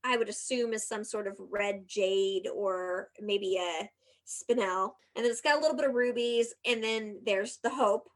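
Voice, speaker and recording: A woman's voice: medium pitch, unhurried. A woman co-hosting a podcast, telling a story in a casual, chatty way with playful asides and giggles. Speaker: podcast co-host.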